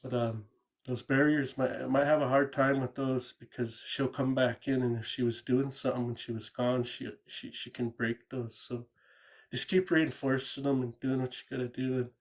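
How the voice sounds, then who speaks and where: A man's voice: mid-range voice, fairly even intonation, moderate pace. A man calling in to tell a true ghost story in a rambling, casual way, often repeating words and saying "you know". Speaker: caller sharing a ghost story.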